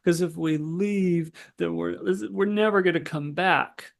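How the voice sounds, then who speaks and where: A man's voice: high voice, a little slow, creaky, pitched above the performer's own voice. A man voicing an upset four-year-old girl who pleads in a whiny way. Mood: pleading.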